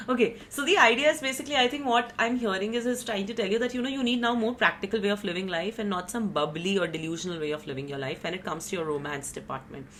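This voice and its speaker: A woman's voice: mid-range voice, fast talker, fairly bright tone, a little hiss or hum. A woman giving a casual tarot reading, chatty and rambling, teasing herself as she goes. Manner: chatty, rambling, self-teasing, frequent "you know" and "like". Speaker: tarot reader.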